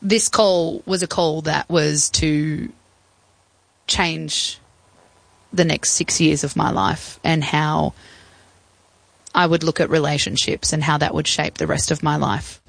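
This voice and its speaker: Gravelly Australian woman telling her story. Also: low-pitched, no echo, low-quality recording. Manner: reflective, halting with fillers. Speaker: interview guest. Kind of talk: personal storytelling.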